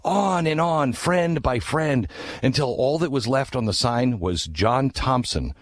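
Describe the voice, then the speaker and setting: With a lively pitch and an unhurried pace, an emphatic man tells history with no room sound. In this impassioned storytelling talk he uses rhetorical questions, alternating low hushed asides with raised, urgent lines.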